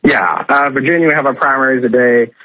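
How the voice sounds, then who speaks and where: Male phone-in commentator, husky voice, tinny dry phone line, measured and filler-heavy. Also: medium pitch, sharp tone, no room sound. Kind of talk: talk radio phone interview. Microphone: telephone.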